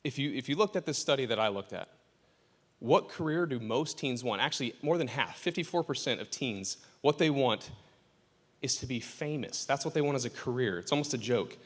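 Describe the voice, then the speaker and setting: A man's voice: mid-range voice, animated, fairly quick. Joking man preaching in an echoing church. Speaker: pastor. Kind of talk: casual sermon. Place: church sanctuary. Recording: church hall reverb.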